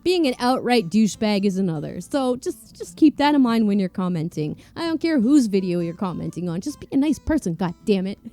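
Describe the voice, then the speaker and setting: A woman casually reading online stories aloud to her viewers in a playful, animated way. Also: mid-range voice, fairly quick, hardly any pauses, soft background music. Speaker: YouTube story narrator.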